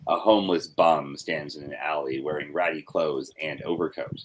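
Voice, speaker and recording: A man reading comic script panel descriptions aloud in a flat read-through, breaking off for offhand critiques. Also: very deep voice, normal speed, breathy edge.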